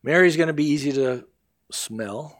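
A male pastor preaching a sermon in a conversational, animated way, with casual asides to the congregation. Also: fairly high pitch, normal speed.

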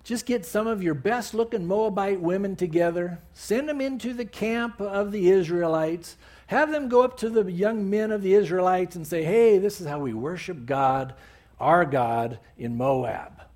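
A man voicing a greedy male prophet who lays out a scheme in a low, confiding tone. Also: moderate pace, darkish tone, lightly acted. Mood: scheming.

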